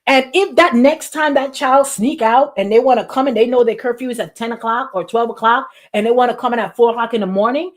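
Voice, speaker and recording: High-voiced, animated woman pastor preaching. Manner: animated, repetitive preaching with acted-out quotes. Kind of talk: sermon.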